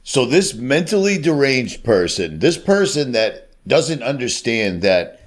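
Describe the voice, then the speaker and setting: A man in his fifties giving a scornful, emphatic ranting commentary as host of his channel. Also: medium pitch. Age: 50s.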